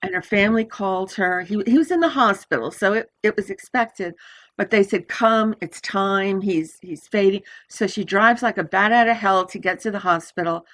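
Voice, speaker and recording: Older female astrologer, lively storyteller, laughs often, mid-range voice. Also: mid-range voice, brisk. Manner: animated, laughs often, acts out voices in her stories. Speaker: astrologer guest. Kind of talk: storytelling in a podcast interview.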